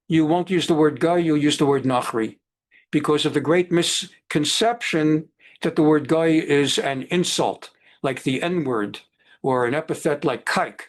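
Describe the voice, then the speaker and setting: A man teaching a Torah class over a video call, digressive and lively, sprinkling in Hebrew terms. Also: a little high. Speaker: rabbi teaching a Bible class.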